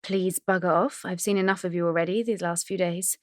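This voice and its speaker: Brief: woman reading as a polite wife masking irritation with brightness. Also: fairly low pitch, steady tone, brisk, no room sound, studio quality, natural voice. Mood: weary. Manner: falsely cheery.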